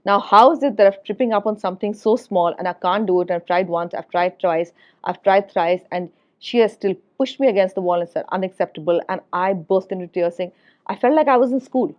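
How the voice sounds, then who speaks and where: A middle-aged woman speaks earnestly as a podcast guest, doubling words for emphasis. Her voice sits at an ordinary mid pitch. The sound is dull and lo-fi. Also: a little fast, hardly any pauses. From India. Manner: earnest, repeats words for emphasis, frequent "you know". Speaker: guest, HR executive. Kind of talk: reflective podcast storytelling.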